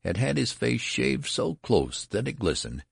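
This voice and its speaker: A man reading a story aloud in an expressive, dramatic way, and voicing a nervous father. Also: medium pitch, a little slow, vocal fry, husky, no room sound, studio quality. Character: nervous, flustered father, Mister Button. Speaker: narrator.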